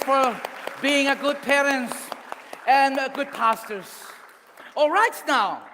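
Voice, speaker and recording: Youth preacher, male, high voice, exhorting and earnest, long hall reverb. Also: fairly bright tone. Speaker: youth speaker. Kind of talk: youth sermon.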